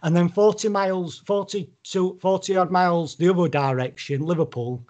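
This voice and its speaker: A man's voice: high voice, fairly even intonation, moderate pace, darkish tone, highs cut off. A British man hosting a podcast in casual chat, swearing freely and breaking into playful accent impressions. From Britain. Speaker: podcast host.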